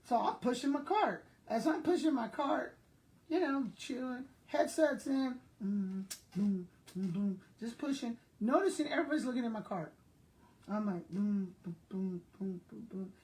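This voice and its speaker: A woman's voice: on the high side, lively intonation, moderate pace, a little mellow. Older lady from south texas just chatting to the camera, telling stories and talking right to her viewers, easygoing. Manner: chatty storyteller who talks straight to her viewers. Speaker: retired school principal vlogger. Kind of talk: casual chat.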